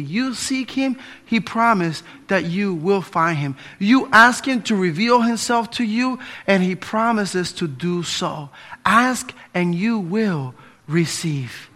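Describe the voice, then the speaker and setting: High, bright-voiced preacher man. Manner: impassioned, swinging between loud appeals and hushed pleading. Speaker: pastor. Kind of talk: sermon.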